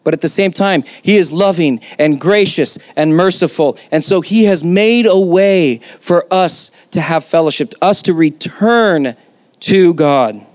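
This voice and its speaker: A man's voice: a little high, measured pace, no room sound. A man preaching a sermon as pastor, conversational yet emphatic, with rhetorical questions.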